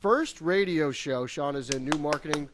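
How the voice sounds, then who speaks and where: A man hosting a casual radio talk show, upbeat and quick to laugh, reading news briskly. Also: on the high side, heavy background noise.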